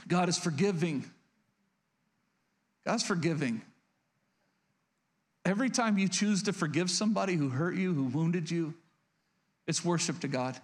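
A man's voice: on the high side, lively intonation, unhurried, pauses often. A man preaching a sermon as pastor, speaking earnestly and confessionally, often restarting and asking the congregation questions.

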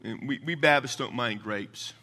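A man's voice: mid-range voice, moderate pace. A man preaching a sermon as a Baptist pastor, teaching from scripture in an emphatic, conversational way with the odd chuckle. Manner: emphatic, animated, chuckles between points.

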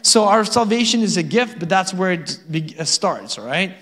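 A man preaches in a relaxed, conversational way, slipping in jokes and asking his congregation for an amen. His voice sits on the high side. The sound rings with the long reverb of a church hall. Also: moderate pace. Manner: conversational and joking, with frequent laughs and "amen?". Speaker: pastor. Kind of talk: sermon. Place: church sanctuary.

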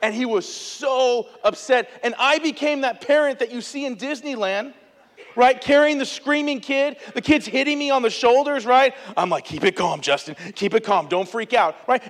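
A man's voice: very high voice, expressive, fairly quick, a bit bright. A man in his thirties preaching a sermon as a pastor, telling stories in a conversational, emphatic way with asides to the congregation. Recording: echoey hall.

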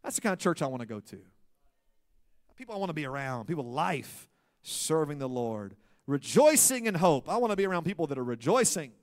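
A pastor preaching a sermon, swinging between loud emphasis and hushed asides. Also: male voice, on the high side, big pitch swings, fast talker.

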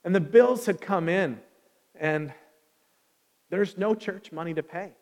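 Male pastor, sermon, conversational, asks the congregation questions, high voice, church sanctuary reverb. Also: takes it slowly, a little mellow. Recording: long reverb of a large hall.

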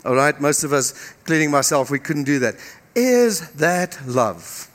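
A man's voice: on the high side, lively intonation, a little slow, fairly bright tone. A man in his fifties, a native Dutch speaker, preaching a sermon with emphatic repetition and jokes aimed at the congregation. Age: 50s. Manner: emphatic, repeating phrases, joking with the congregation. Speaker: pastor.

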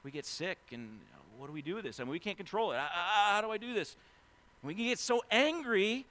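A man in his forties, a pastor, preaching a sermon in a conversational way, swinging between loud excited stretches and hushed quiet ones, full of "you know" and "right?". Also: high voice, brisk. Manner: heavy use of fillers like "you know" and "right?".

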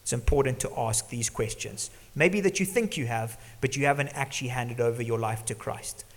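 Male pastor, middle-aged, mid-pitched voice, earnest sermon, sinks to a hush for emphasis, long echo of a church hall. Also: moderate pace.

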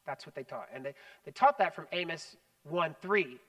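A man preaching a sermon as pastor, animated, swinging between loud emphasis and hushed asides. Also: fairly high pitch, moderate pace, far from the mic, poor audio. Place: church sanctuary.

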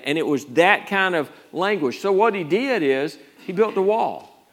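A man's voice: high voice, animated, measured pace. A male pastor preaching a conversational sermon, rambling through restarts and rising to urgent emphasis.

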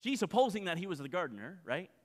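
A man preaching a sermon in a church, impassioned, swinging between loud emphatic runs and quiet low phrases. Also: very animated, fast talker. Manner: impassioned, rising and falling emphasis, repeated phrases. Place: church sanctuary. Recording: long church reverb.

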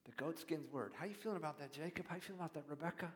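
A male pastor giving a sermon, reading verses and then putting pointed questions to the listeners, going from hushed asides to loud emphatic preaching. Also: on the high side, rapid-fire. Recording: reverberant hall.

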